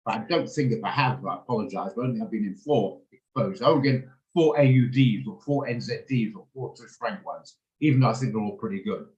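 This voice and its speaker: Fast-talking man teaching a trading class. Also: fairly low pitch, a little mellow, muffled recording. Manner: fast, hands-on step-by-step explaining. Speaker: trading instructor. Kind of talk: live online trading lesson. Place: video call. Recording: echoey room sound.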